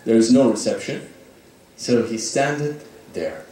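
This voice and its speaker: A man's voice: medium pitch, slow, mellow, slight background noise. Dramatic male preacher in echoey hall. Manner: dramatic, with frequent "you know" fillers. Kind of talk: sermon storytelling. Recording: echoey hall, speaker far from mic.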